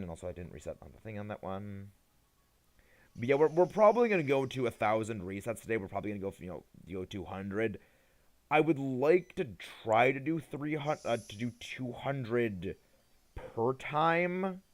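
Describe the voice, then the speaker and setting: A young man talks to his stream in a loose, meandering way, trailing off and circling back to his point. He sounds tired and a little sleepy, yet his pitch bounces around a lot as he talks. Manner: rambling, hesitant, restarts often. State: tired, yawning. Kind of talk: casual live-stream chat.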